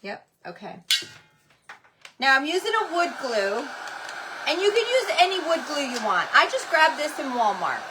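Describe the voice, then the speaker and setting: A woman hosting a live craft demo, chatting loudly and greeting viewers by name as she works. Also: high voice, sing-song, moderate pace, long pauses. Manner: says she is talking very loudly. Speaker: craft livestream host. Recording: noisy room with heat gun running. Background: heat gun whirring.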